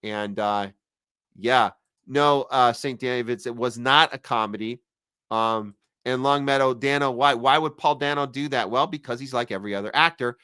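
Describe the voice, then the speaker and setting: A man's voice: mid-range voice, moderate pace, bright, forceful tone, clean tone, dry recording, clean studio sound. A man hosting a podcast livestream, chatting casually and reading out viewer comments with plenty of ums and jokey asides. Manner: rambling, lots of fillers, jokey asides. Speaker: podcast host.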